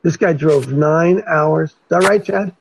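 A man's voice: a little high, unhurried, creaky, a little hiss or hum. A man hosting a show, chatting casually in upbeat banter. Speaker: show host. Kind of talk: casual chat. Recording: dull lo-fi audio.

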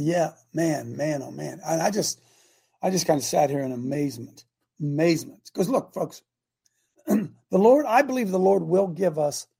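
Gravelly older man preaching folksy style. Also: sits high. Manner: folksy, emphatic, rises and drops loudness for effect. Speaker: host. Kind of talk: casual preaching talk show.

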